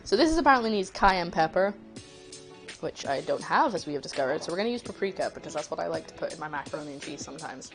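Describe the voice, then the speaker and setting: A woman's voice: deep voice, expressive, fast, faint music behind. A woman hosting a cooking livestream, chatting casually and rambling, laughing easily as she greets her chat.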